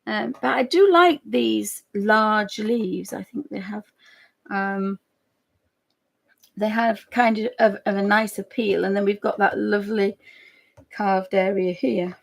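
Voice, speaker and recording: A woman's voice: mid-range voice, fairly even intonation, slow, creaky. A woman chatting casually and giggling as she draws live for viewers. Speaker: digital artist streamer. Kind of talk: casual chat while drawing live.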